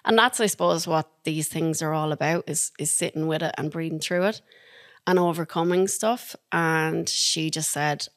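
An Irish woman, a podcast guest, telling stories in a chatty, animated way, laughing now and then. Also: deep voice, moderate pace, dry recording, clean studio sound. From Ireland. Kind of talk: casual storytelling.

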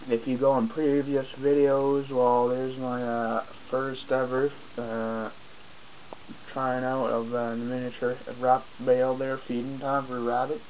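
A man's voice: medium pitch, highs cut off, slight background noise. Rambling man with an Acadian French accent. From Acadian, New Brunswick. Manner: rambling, self-mocking, swears casually. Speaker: vlogger. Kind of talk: casual outdoor vlog. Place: outdoors on a farm, rainy day.

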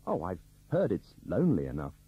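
A man's voice: low voice, wildly swooping pitch, brisk, breathy edge, muffled recording, exaggerated voice. A man voicing an earnest, persistent young woman traveller in an audiobook reading.

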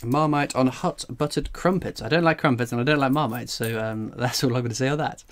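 On his relaxed coin-collecting livestream, a man from England reads chat aloud and goes off on jokey tangents, jittery from strong coffee. He talks fairly quickly in a mid-range voice.

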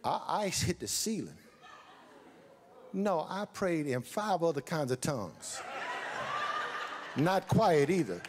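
A man preaching a sermon as pastor, telling a lively story, building up to shouts. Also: on the high side, slow pace, long pauses, in a large hall, a little hiss or hum.

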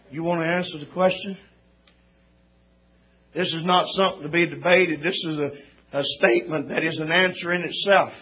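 High-voiced preacher, fervent shouting. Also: male voice, husky, lo-fi sound. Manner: folksy, building to impassioned shouting. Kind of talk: sermon.

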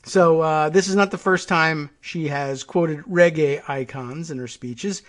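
A man's voice: a little high, measured pace. A man hosting a talk show, reading an article aloud and breaking off into muttered, chatty asides. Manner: chatty, muttering asides while working the computer.

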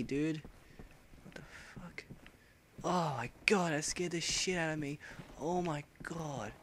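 A man's voice: fairly high pitch, unhurried, a little hiss or hum. A man commentating a horror game playthrough, jumpy and panicky, swearing and exclaiming often. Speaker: gameplay commentator. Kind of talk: let's play commentary.

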